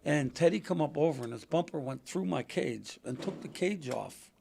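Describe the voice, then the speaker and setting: An older man, a podcast guest telling racing stories in a casual, animated way, acting out quotes in a raised voice. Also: on the high side, normal speed, gravelly, slightly rough. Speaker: podcast guest, retired race car driver. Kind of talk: casual storytelling interview.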